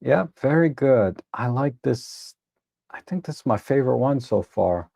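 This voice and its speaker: A man hosting a live photo editing stream, reviewing viewers' edits in a relaxed, rambling way with many restarts. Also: mid-range voice, a little slow, gravelly, no room sound, clean studio sound. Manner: relaxed, rambling, self-correcting with frequent restarts; tired, admits yawning. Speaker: photo editing livestream host. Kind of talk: casual live commentary.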